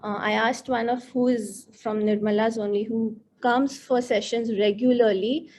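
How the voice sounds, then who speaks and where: A woman's voice: on the high side, steady tone, normal speed, a little mellow. A woman counselor, leading a workshop for teachers in an earnest, reflective way and dwelling on key words. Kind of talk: workshop talk to participants.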